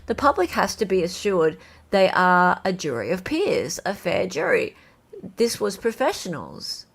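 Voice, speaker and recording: A woman hosting a casual livestream, chatting and reading viewer comments aloud in an animated way. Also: lowish voice, measured pace, vocal fry. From Australia. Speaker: host.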